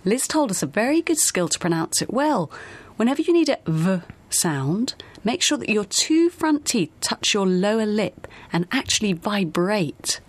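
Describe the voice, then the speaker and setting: Woman hosting a pronunciation lesson, careful, slow demos of words. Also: mid-range voice, sing-song, dry recording. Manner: careful, demonstrates sounds slowly. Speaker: co-host of English pronunciation lesson. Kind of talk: scripted radio lesson.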